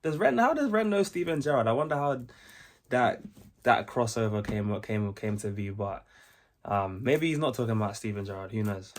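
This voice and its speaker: Excitable young British man chatting. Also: lowish voice, normal speed. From United Kingdom. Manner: excitable, chatty, repeats himself with restarts. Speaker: reaction video host. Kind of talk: casual reaction commentary. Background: faint music from the video he is reacting to.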